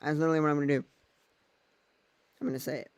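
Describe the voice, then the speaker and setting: A man's voice: a little high, little pitch movement, racing, clear, resonant tone, no echo. A man vlogging in a casual, rambling way, thinking aloud as he goes. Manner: thinks aloud while using his phone and laptop, meandering.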